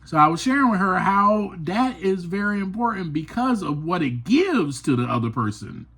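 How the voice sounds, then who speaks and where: A man's voice: sing-song, normal speed, creaky, breathy edge. Earnest, emphatic man with a swooping voice. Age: adult. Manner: earnest and emphatic, swinging between raised passionate peaks and low quiet asides. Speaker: podcast host. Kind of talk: personal reflective monologue.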